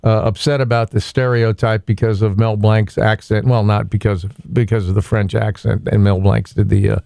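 A man hosting a morning radio trivia call-in, chatty with halting asides. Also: fairly low pitch, level tone, creaky, mellow, no room sound. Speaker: radio host. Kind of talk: casual trivia call-in segment. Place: radio studio. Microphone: studio microphone.

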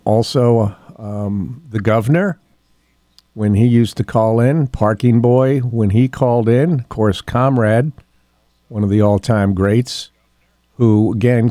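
An older man hosting a local radio talk show, rambling in a folksy way with ums and frequent throat clearing. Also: fairly low pitch, takes it slowly, dark tone, no echo, studio quality. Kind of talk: casual talk radio monologue. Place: radio studio.

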